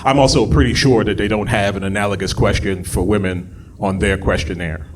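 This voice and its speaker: A man doing a stand-up comedy set on a club stage, jumping from low muttered asides to loud, high shouted bits. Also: steady tone, a little fast, a little hiss or hum. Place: comedy club stage before a live audience. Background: audience laughter.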